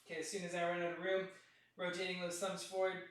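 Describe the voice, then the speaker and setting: A man leading a workout class as fitness instructor, counting reps and giving steady coaching cues, recorded from a distance in an echoey room. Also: high-pitched, fast.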